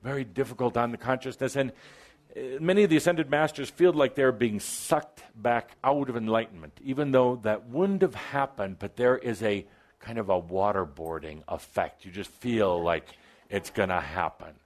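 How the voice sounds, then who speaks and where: A man's voice: mid-range voice, moderate pace. A man delivers a spiritual talk to a gathered audience in a mid-range voice. He slips in wry, playful asides and breaks into sudden emphatic bursts. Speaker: channeler speaking to a live audience. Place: event hall with live audience.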